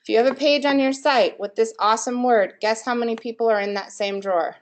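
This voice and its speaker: A marketing presenter with a highish, steady voice speaks briskly during a live workshop before a room audience. As she goes, she quizzes listeners and asks them for answers.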